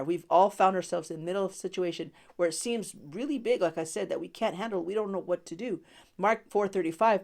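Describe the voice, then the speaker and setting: A woman's voice: lowish voice, dark tone. A woman hosting a devotional podcast, speaking in a conversational way, with many fillers and frequent laughter. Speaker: podcast host and Bible teacher.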